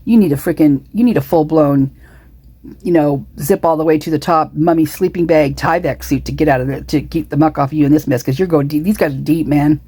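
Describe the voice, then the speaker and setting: A woman rambles through casual true-crime commentary, indignant and repetitive, with a low, dark and husky voice. She has the hiccups, and the dry, close sound carries no room around her. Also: brisk, dry recording. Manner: indignant, repetitive, many restarts and asides.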